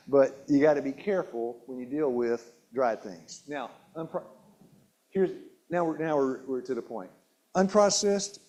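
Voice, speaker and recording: Man, fairly high voice, nutrition talk at a church, asks the audience questions, restarts sentences. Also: dark tone. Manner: quizzes the audience, repeats key words, restarts often. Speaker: health seminar presenter. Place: church hall.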